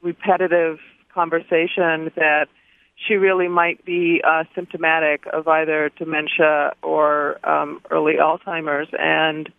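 A man calling in to a radio show, eager and halting, with many fillers. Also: on the high side, little pitch movement, creaky, no echo. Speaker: caller. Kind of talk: phone-in question. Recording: thin phone line.

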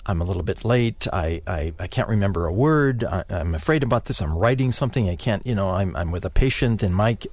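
A middle-aged man giving advice on a call-in radio show, speaking haltingly with many fillers and restarts. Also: sits low, expressive, dry recording. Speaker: guest therapist.

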